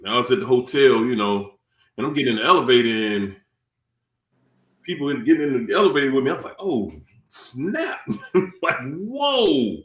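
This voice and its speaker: A man's voice: mid-range voice, a little fast, long pauses, echoey room. Playful man hosting a live stream. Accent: Washington DC. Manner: playful, laughs often, animated. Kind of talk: casual chat greeting viewers.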